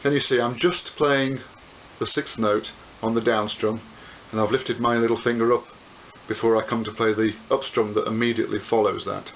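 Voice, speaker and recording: A man giving a ukulele lesson in a relaxed, explanatory way, counting beats and calling out chords as he plays. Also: fairly low pitch, moderate pace. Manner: relaxed explanatory, with frequent "uh" fillers. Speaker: ukulele teacher. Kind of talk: instructional tutorial, counting and calling chords while playing. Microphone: camcorder microphone. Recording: dull hissy camcorder audio with loud ukulele. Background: ukulele playing.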